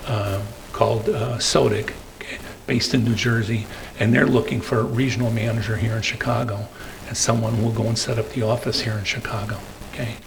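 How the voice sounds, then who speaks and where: An older man giving a rambling storytelling talk at a meeting, tagging his sentences with "okay?" and pausing on fillers. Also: fairly low pitch, fairly even intonation, vocal fry, a little hiss or hum, poor audio. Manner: hesitant fillers between phrases. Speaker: guest speaker.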